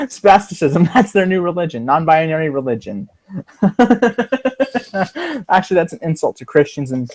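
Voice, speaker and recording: A man's voice: fairly high pitch, lively intonation, fast, few pauses, dry recording. A man chatting casually on a livestream, rambling and profane with frequent fillers and restarts, recorded on a computer mic. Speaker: livestream co-host.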